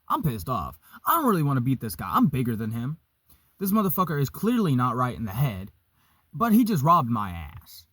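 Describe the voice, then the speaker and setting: A young man casually telling a story, profane and animated, vaping as he talks. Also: medium pitch, a little fast, no room sound, clean studio sound. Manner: vaping while talking.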